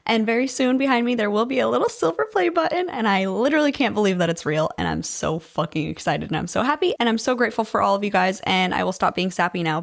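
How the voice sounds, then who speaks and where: Young woman vlog host, mid-pitched, chatty and profane, quick to laugh. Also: creaky. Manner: chatty, animated, swears freely, laughs often. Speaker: video host. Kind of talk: casual commentary vlog.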